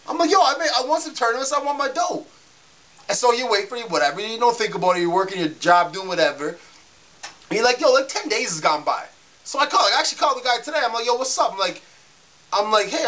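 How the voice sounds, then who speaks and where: A fired-up young-sounding man rants straight to camera. His voice is bright and edgy, and the words tumble out fast. He stammers and restarts lines as the anger builds. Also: extremely high pitch, big pitch swings. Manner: fired-up, heated, restarts and stammers when worked up. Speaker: vlogger ranting to camera. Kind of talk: casual rant.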